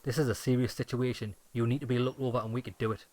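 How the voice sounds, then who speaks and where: A man's voice: mid-range voice, steady tone, fast, darkish tone, no echo, natural voice. Brief: blunt, questioning male cop, read by a man in his natural mid-range voice. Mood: probing. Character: probing male police detective, middle-aged.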